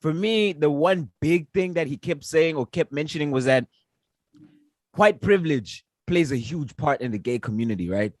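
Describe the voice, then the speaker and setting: A man's voice: fairly high pitch, animated, moderate pace, dry recording, clean studio sound. A man co-hosting a casual podcast, telling a story in a heated, emphatic, profane way. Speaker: podcast co-host. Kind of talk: casual chat.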